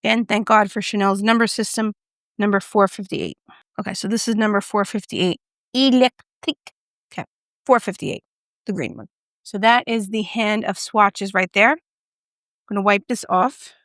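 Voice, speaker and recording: A woman's voice: medium pitch, fairly even intonation, normal speed, a bit bright, no room sound, studio quality. A woman from the United States, a beauty vlogger, chatting casually through a product review and joking about her own pronunciation.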